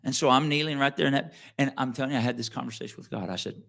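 A man's voice: mid-range voice, very fast, gravelly, hardly any pauses, a bit bright. A middle-aged man, a pastor, telling a story in an earnest, conversational sermon with frequent restarts.

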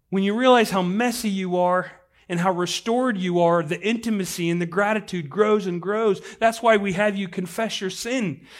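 Male pastor, slightly high voice, dramatic sermon with hushed and loud swings.

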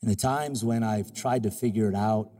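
A man preaching a sermon as pastor, moving from quiet, confiding talk to loud call-and-response exhortation. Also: moderate pace, in a large hall. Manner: soft, low, confiding in personal stretches.

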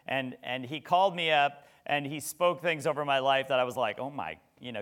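A man's voice: mid-range voice, normal speed, hardly any pauses, a bit bright, clear, resonant tone. A middle-aged man preaching a sermon in a conversational way, with rhetorical questions and frequent restarts. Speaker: pastor.

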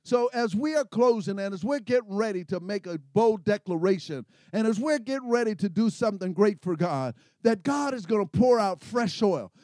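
A man preaching a sermon, calling for responses from the congregation and building to excited shouts. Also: high-pitched, normal speed, hardly any pauses, no echo, studio quality.

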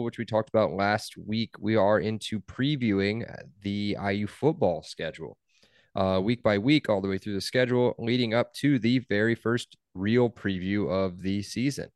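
Low-voiced man hosting a sports podcast. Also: moderate pace, dry recording, clean studio sound. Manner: wry, teasing. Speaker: podcast host. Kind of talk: casual sports podcast chat.

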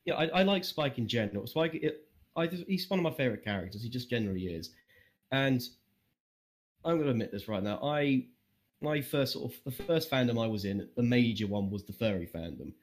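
A man's voice: mid-range voice, lively intonation, fairly quick. A young man chatting as a podcast guest, rambling and swearing freely, with self-deprecating jokes. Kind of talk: casual interview chat.

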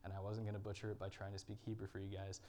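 Male pastor, low-ish voice, earnest dramatic sermon delivery with pauses. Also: monotone, mellow. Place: church.

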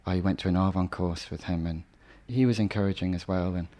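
A young adult man, a poet, answering interview questions in a soft-spoken, hesitant way with frequent restarts. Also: low voice, fairly even intonation, brisk. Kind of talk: reflective conversational interview.

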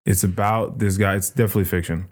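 A man hosting a podcast, retelling a book in casual, animated chat with plenty of swearing. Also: low-pitched, quick pace. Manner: animated, profane storytelling. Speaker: podcast host.

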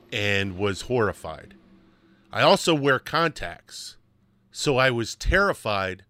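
Bright, emphatic male podcast host. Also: on the low side, no room sound. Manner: animated, emphatic repetition. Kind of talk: casual storytelling monologue.

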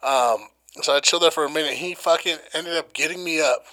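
A young man telling a wild story in a casual podcast chat, swearing freely and animated. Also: fairly high pitch, brisk, rough recording. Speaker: podcast co-host.

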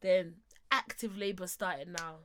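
A woman's voice: fairly low pitch, steady tone, measured pace. A young woman, co-hosting a podcast and animatedly telling a personal story, acting out what people said and laughing often. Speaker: podcast co-host.

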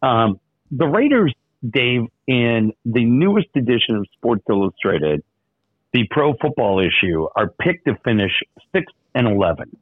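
A man hosting a radio show in casual chat, telling stories with easygoing filler pauses. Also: medium pitch, big pitch swings, dry recording. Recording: dry, phone-like narrow sound.

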